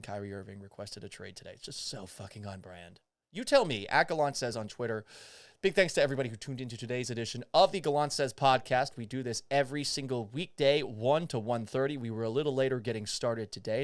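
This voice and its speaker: A man hosting a sports podcast, ranting in a casual, incredulous and profane way. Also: medium pitch. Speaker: sports talk host. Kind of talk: casual sports talk rant. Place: Houston.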